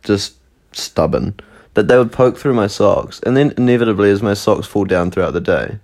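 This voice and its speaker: Lively low-voiced man chatting loosely. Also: normal speed. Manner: laughs often, storytelling, swears freely. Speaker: podcast co-host. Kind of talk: casual podcast chat.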